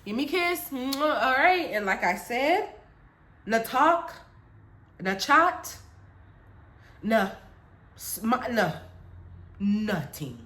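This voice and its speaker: A woman's voice: a little high, sing-song, extremely slow, pauses often, fairly bright tone, heavily acted. A woman voicing her anxious, protective mother, who repeats warnings and prays aloud, in an echoey room. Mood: stern.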